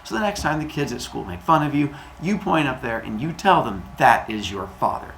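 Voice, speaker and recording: A man voicing a mother gently comforting her son in an earnest, soothing way. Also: medium pitch, animated, fairly quick, a little hiss or hum, pitched above the performer's own voice, low-quality recording.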